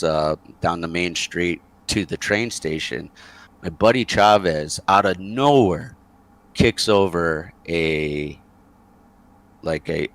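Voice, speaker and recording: A man's voice: low voice, fairly bright tone. A man, a former soldier, tells a rambling war story in a casual interview over a voice call, with many fillers and chuckles.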